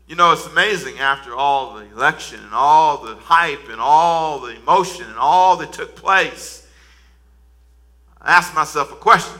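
Bright-voiced preaching man. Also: medium pitch, animated, measured pace, vocal fry, pauses often. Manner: preaching with dramatic swings between hushed and shouted lines. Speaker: pastor. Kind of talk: sermon.

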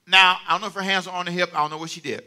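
A man preaching a sermon with animated call-and-response and playful asides to the congregation. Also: high-pitched, racing, smooth. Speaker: pastor.

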